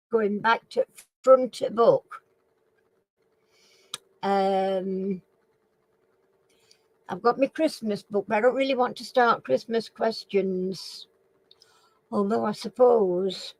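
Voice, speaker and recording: A Northern English woman hosting a casual live-stream chat. She rambles along and keeps clearing a frog in her throat. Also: mid-range voice, no room sound, low-quality recording. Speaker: live chat and quiz host.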